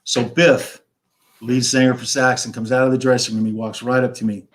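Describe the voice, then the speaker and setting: Guesting on a live stream, a man in his fifties tells a long, wandering rock-and-roll story in a fairly quick, mid-range voice that barely moves in pitch. He swears freely and acts out the quoted dialogue.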